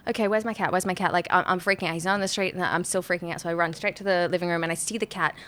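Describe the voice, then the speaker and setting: Animated woman telling a spooky story. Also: fairly low pitch, racing. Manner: animated storytelling with frequent laughs. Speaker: podcast host. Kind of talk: casual chat.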